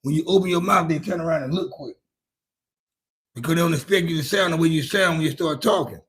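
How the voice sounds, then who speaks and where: Husky-voiced Louisiana man chatting loosely. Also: on the high side, quick pace, a bit bright. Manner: laid-back, rambling, profane, many restarts. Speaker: livestream host answering chat. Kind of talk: casual chat.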